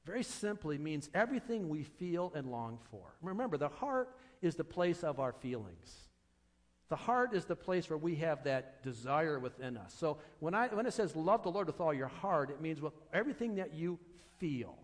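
Guy preaching a sermon, fairly high voice, earnest, keeps repeating lines for emphasis. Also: sing-song, moderate pace. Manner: earnest, repeats phrases for emphasis, rhetorical questions. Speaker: pastor.

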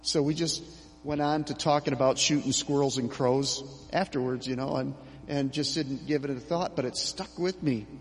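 A middle-aged man preaching a sermon as pastor, slow and emphatic with dramatic pauses. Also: medium pitch, steady tone, in a large hall, a little hiss or hum.

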